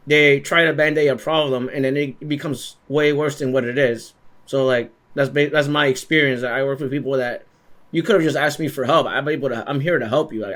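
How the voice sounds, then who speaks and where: A man's voice: mid-range voice, fairly bright tone. A young adult man asking questions in a casual conversation, often repeating and restarting his words. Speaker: interviewer.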